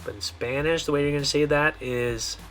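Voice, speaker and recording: Man teaching pronunciation slowly. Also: on the high side, fairly even intonation, a bit bright. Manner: slow, drawn-out model words with frequent "okay?" checks. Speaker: Spanish teacher. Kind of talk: pronunciation lesson.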